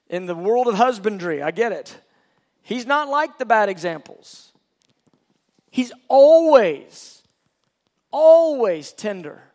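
A pastor preaches a sermon in an earnest, conversational manner, frequently restarting his sentences. His voice is extremely high-pitched and a bit bright.

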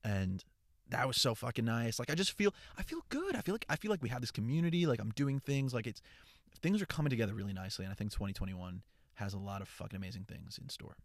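A man's voice: mid-range voice, expressive, quick pace, no echo, studio quality. A young man chatting casually to his online followers, rambling and swearing freely, upbeat and earnest. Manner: rambling and profane, with frequent restarts. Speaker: content creator. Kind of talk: casual chat.

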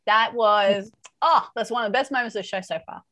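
A woman co-hosting a casual recap chat, animated, laughing often and acting out quotes. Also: fairly high pitch, fairly quick, dry recording. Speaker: podcast co-host.

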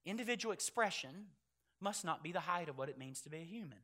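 A man preaching a sermon to his church, repeating key phrases for emphasis and building from quiet explanation to loud, emphatic delivery. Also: fairly high pitch, expressive, fast. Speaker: pastor.

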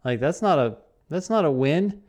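A man's voice: a little high, expressive, moderate pace, a little mellow. A man co-hosting a casual chat, reading a written text aloud and picking apart its wording. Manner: reads aloud then jokes and critiques. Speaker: podcast co-host.

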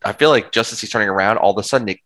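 Low, bright-toned man rambling through a recap. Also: racing, low-quality recording. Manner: rambling, full of "like" and restarts. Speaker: podcast co-host. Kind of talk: casual chat.

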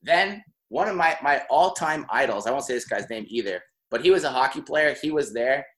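A man's voice: mid-range voice, expressive, brisk, a bit bright. A young man telling a long anecdote in casual podcast chat, full of "like" and laughing through it. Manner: rambling, heavy on "like", laughs mid-story.

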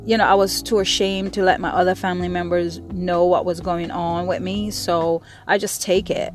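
A woman's voice: lowish voice, flat delivery, moderate pace, faint music behind. A middle-aged woman from the Caribbean hosting a show and delivering an angry, profane monologue that pounds her points through repetition. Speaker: podcast host. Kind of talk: impassioned monologue.

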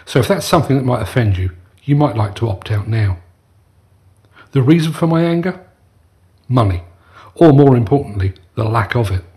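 A man's voice: mid-range voice, warm tone. Middle-aged guy reading out a furious scripted podcast rant, hitting every point hard. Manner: angry, emphatic ranting delivery. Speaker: podcast host.

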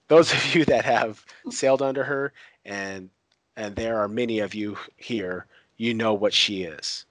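A man plays an earnest young man rallying a crowd behind his sister. The speech is low and close, with no room echo. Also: measured pace, a bit bright.

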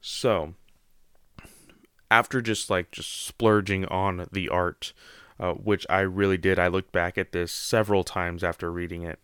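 Man, comic reviewer, very low and smooth voice, loose rambling delivery, dry close sound. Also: steady tone, unhurried, fairly bright tone, no echo. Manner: rambling, heavy on "you know" fillers. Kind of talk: casual spoken review.

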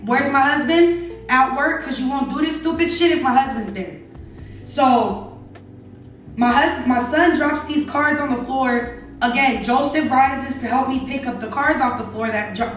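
A woman's voice: high-pitched, far from the mic. A young adult woman telling a casual story, chatty and exasperated, talking straight to her viewers. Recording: very echoey room, away from mic, faint music.

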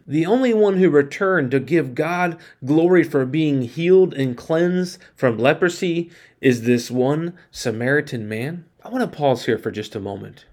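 A male pastor giving an earnest sermon, reading scripture aloud and slowing down to stress key phrases. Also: on the high side, expressive, a little mellow. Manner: earnest, emphatic preaching with slowed, stressed phrases.

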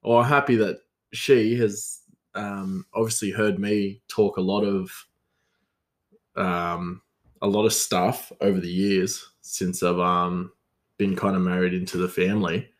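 A man chats on his solo podcast in a loose, rambling way, restarting his sentences often. His voice sits fairly low and stays relaxed and easygoing. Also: measured pace. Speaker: podcast host and hospitality worker. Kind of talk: casual solo podcast chat.

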